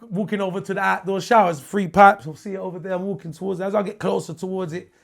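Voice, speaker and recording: London guy, gravelly, kinda high voice, tells stories with lots of back and forth dialogue. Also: fast talker. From Hackney, London. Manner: animated, tells stories with dialogue, swears freely. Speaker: guest. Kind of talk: casual interview storytelling.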